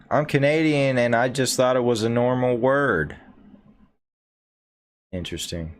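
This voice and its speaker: A man hosting a live reaction stream, reading out chat comments in a low-key, offhand way. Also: measured pace, long pauses.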